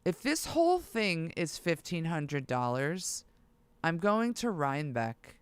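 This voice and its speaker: Excitable producer, lively smooth voice. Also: medium pitch, slow, no room sound. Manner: excitable, talks to self while browsing listings. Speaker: music producer vlogger. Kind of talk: casual vlog talk to camera.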